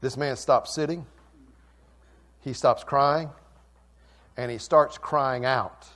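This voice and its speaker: A male pastor preaching a passionate sermon that swings between loud and soft. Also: mid-range voice, steady tone, takes it slowly.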